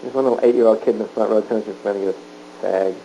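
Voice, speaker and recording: A man, an improviser, telling a lively anecdote from his stage work in an interview. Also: on the low side, very fast, noisy background. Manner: animated storytelling.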